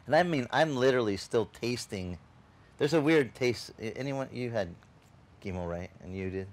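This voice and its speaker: A man preaching in a loose, conversational way, as if telling a story to friends. He slips into the voices of the people in his tale and often restarts a phrase mid-thought. His voice sits at an ordinary, mid-range pitch for a man. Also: normal speed. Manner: animated storyteller who acts out quoted dialogue, with frequent restarts; chatty, addresses the congregation directly. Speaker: pastor.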